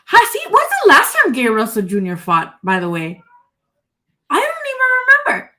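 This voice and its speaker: A woman hosting a casual live-stream chat, giving profane, rambling, animated opinions. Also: sits high, normal speed. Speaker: boxing channel host.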